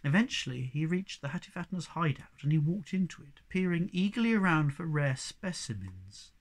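A man narrating a children's storybook in an expressive, animated way. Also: on the high side, moderate pace. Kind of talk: storybook reading.

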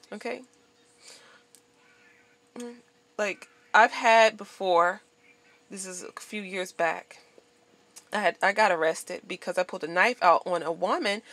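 A woman rants straight to camera, blunt and swearing freely as she tells her stories with animated emphasis. Her voice is bright and forceful. The sound is dry and close. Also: mid-range voice, no room sound. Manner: blunt, profane, animated storytelling. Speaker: vlogger. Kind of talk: venting monologue to camera.

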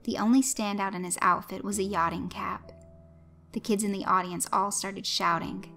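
A woman reads a story aloud as narrator, steady and even. Her voice is bright and forward, and soft music plays faintly under her. It sounds like scripted storybook narration. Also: medium pitch, normal speed, vocal fry.

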